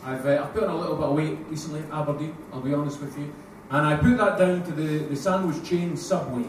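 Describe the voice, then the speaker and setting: Scottish male stand-up, high voice, crude and animated, distant echoey live room with noise. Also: fast talker. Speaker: stand-up comedian. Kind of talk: stand-up comedy set. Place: live comedy venue with audience. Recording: echoey room, mic heard from far off, noisy.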